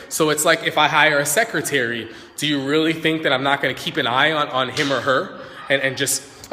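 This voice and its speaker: A man explains dog training to live viewers in a loose, chatty way, checking in with "right?" and "like" as he works the dogs. His voice comes across bright and forward. It bounces around a large hard-walled room with a long, ringing reverb. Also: fairly high pitch, slight background noise. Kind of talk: casual live-stream explanation.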